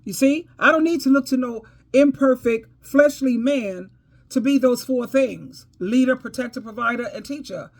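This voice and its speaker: A woman's voice: high-pitched, moderate pace. A woman giving casual storytime advice, preachy and emphatic, calling listeners baby and girl, and repeating herself for emphasis. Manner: repeats phrases for emphasis, laughs between points. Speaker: advice vlogger.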